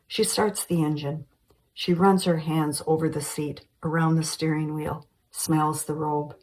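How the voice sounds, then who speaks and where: A woman reading a screenplay aloud, calmly stating scene headings and directions. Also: low-pitched, rough recording. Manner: steady, matter-of-fact delivery of scene directions. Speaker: screenplay reader.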